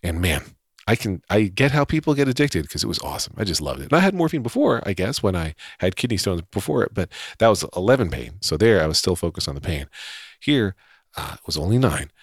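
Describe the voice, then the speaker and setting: A man's voice: low-pitched, very animated, quick pace, breathy edge, dry recording, studio quality. A man casually telling a personal story in a wry, self-deprecating way, chuckling often.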